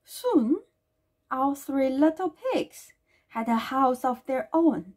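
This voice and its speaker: Slow, high-voiced woman reading a storybook. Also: lively intonation. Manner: gentle read-aloud with small slips and restarts. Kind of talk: reading a children's storybook aloud.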